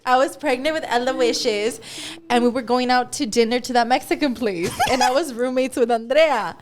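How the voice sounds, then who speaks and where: A woman co-hosting a podcast, telling stories in animated casual chat and swearing freely. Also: on the high side, moderate pace, noisy background. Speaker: podcast co-host.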